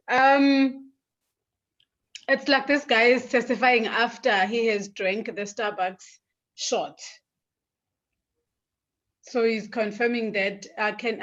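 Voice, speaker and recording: A woman's voice: on the high side, fairly bright tone, muffled recording. A female student answering in class, hesitant and giggly, restarting her words.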